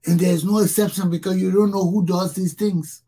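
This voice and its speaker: A man's voice: sits high, steady tone, moderate pace, warm tone, husky. A Liberian man hosting his own talk show, speaking in an impassioned solo monologue and repeating phrases for emphasis.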